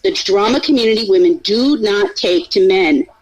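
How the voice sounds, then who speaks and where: A woman's voice: medium pitch, expressive, moderate pace, over a noisy crowd, rough recording. A woman hosting a live stream panel, talking emphatically and profanely and repeating her points. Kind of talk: heated casual stream talk.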